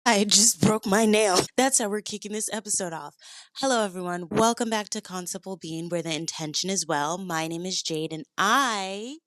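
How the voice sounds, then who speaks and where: A woman hosting a podcast in a casual, chatty monologue from a hotel bedroom, playful and upbeat with sudden leaps in pitch. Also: normal speed, a bit bright, faint music behind. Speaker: podcast host.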